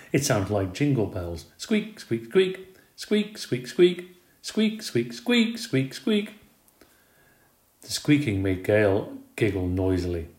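A man narrating a children's storybook with expressive, animated reading. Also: fairly low pitch. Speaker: reader. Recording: roomy recording.

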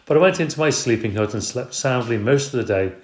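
A man reading a children's book aloud in a steady, expressive way. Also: medium pitch, fast. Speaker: storyteller. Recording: roomy echo.

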